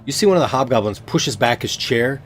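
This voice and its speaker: A man narrating as game master of a tabletop game, relaxed and halting with many fillers. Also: mid-range voice.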